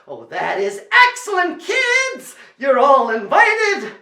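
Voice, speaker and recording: A man's voice: extremely high pitch, wildly swooping pitch, takes it slowly, pushed and bright. A man telling a children's story at a library show, playfully coaxing the kids to join in. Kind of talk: animated children's story performance. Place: library event room. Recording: echoey room.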